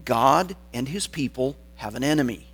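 A man preaching a sermon, stressing key words and pausing for weight between phrases. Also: medium pitch, expressive, fairly bright tone, slightly rough, rough recording. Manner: deliberate, emphatic phrasing with dramatic pauses.

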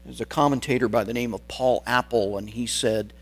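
A man preaching a sermon, stressing key words and pausing for weight between phrases. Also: mid-range voice, steady tone, breathy edge, poor audio. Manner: deliberate, emphatic phrasing with dramatic pauses.

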